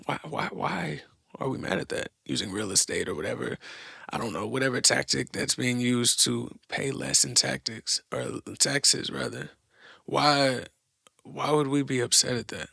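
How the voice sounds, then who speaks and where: Gravelly, blunt man ranting. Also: medium pitch, pushed and bright, dry recording, studio quality. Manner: blunt, profane, mocking rants. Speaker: podcast host. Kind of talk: opinionated solo monologue.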